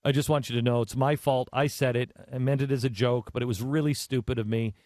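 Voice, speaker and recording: A man acting out a contrite middle-aged male politician apologizing on the phone, soft and halting. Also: medium pitch, fairly even intonation, no room sound, studio quality, close to an everyday voice. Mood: apologetic.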